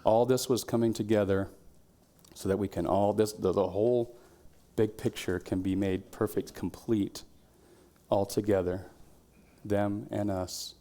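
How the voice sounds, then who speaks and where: A man preaches in a church in a fairly low voice. He talks in a relaxed, conversational way and drops his voice low at times. Now and then he bursts out loud to act out a cheering crowd. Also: measured pace. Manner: conversational preaching, drops to quiet tones, shouts quoted cheers. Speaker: pastor. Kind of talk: sermon.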